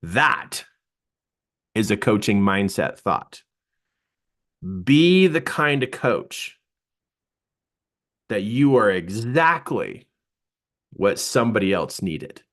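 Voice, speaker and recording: A man's voice: slow pace, long pauses. A middle-aged man, a business coach, telling a story in a live coaching talk and acting out his own surprise. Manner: animated storyteller, voice jumping high for quoted surprise.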